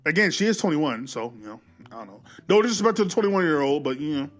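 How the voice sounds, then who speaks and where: Animated high-voiced man recapping a movie. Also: fast. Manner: animated, laughing, acts out characters' lines. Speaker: movie reviewer.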